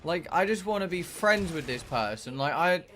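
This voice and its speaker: A man's voice: fairly high pitch, expressive, normal speed, fairly bright tone. A young man, chatting casually and ranting with exasperation while he streams a game. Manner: ranting, exasperated, swears a lot. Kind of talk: casual chat while gaming.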